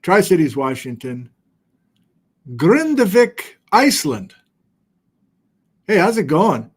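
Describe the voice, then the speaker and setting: A man's voice: a little high, measured pace. Chatty man hosting a livestream. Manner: chatty, self-deprecating, reads viewer locations aloud. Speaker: livestream host. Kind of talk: casual livestream chat. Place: home studio with document camera.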